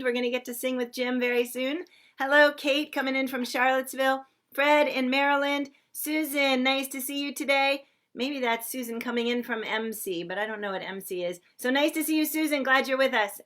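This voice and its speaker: A woman hosting a sing-along livestream greets viewers by name in a high, bright voice. She is effusive and chatty, speaking indoors in a room she shares with other singers.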